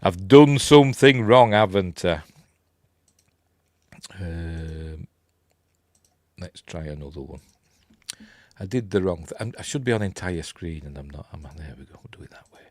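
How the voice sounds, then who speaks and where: A Yorkshire man, older, chatting about old films in a rambling, easygoing way. His voice sits on the low side and the sound is close and dry, with no room around it. He fills gaps with ums and pokes fun at himself. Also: expressive, measured pace, long pauses, no room sound. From Yorkshire, England. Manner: rambling, self-deprecating, filler-heavy. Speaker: channel host. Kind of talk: casual live-stream movie chat.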